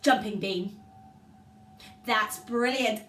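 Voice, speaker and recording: A woman leads a drama class for small children, her voice swooping up and down as she coaxes and praises them. She speaks slowly and clearly, spelling out each step. The mic sits a little away from her. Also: a little high, distant mic. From United Kingdom. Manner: animated, coaxing, sing-song encouragement. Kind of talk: lively instructions to young children.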